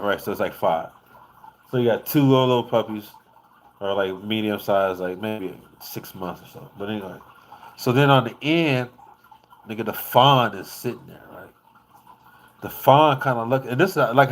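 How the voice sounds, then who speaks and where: A man recounting a story for a casual vlog, in a mid-range voice. He is animated and rambling and swears freely as he goes. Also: medium pitch. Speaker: vlogger.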